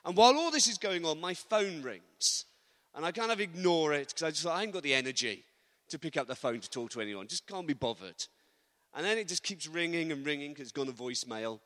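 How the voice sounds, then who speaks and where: Chatty preacher in a reverberant hall. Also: male voice, on the high side, lively intonation, fairly quick, fairly bright tone. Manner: chatty, joking storyteller. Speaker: visiting preacher. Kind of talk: informal sermon with personal stories.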